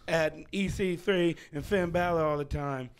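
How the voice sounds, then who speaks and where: Young male podcast co-host, slightly high voice, jokey and interruptive. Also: clean tone. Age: young adult. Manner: wisecracking, quick interruptions. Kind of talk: casual chat about wrestling.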